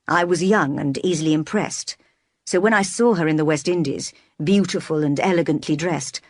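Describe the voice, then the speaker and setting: A woman reading as a passionate, brooding gentleman. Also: on the low side, no room sound, studio quality, natural voice. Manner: pleading and impassioned, sometimes forceful. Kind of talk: audiobook dialogue reading.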